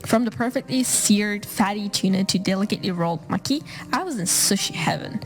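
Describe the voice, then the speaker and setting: A woman's voice: medium pitch, lively intonation, a little fast. A woman giving a polished, enthusiastic scripted voice-over review.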